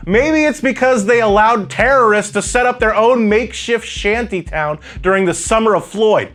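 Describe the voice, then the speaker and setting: A man's voice: sits high, sing-song, moderate pace, hardly any pauses, a bit bright. A man from Chicago delivering scripted political commentary in a sarcastic, wry manner. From Chicago, USA.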